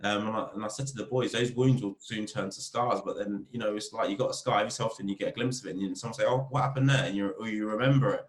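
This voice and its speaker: A man, a football club captain, chatting as a podcast guest and telling lively stories about the game. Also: racing, few pauses. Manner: animated storyteller, rising pitch when telling funny stories. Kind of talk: casual interview chat. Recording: roomy echo.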